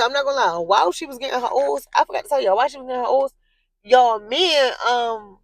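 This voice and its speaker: Young woman ranting a storytime, dry close sound. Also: no echo. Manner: animated, profane, addresses viewers as y'all; rises into shrill yelling when reliving anger. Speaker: vlogger. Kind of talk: casual storytime rant.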